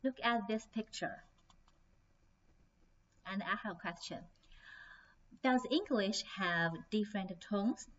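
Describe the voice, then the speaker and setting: Woman teacher, slow careful lesson delivery, lo-fi sound. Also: medium pitch. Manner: slow, careful, demonstrating tones. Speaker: Chinese language teacher. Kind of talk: online language lesson. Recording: slightly dull lo-fi recording.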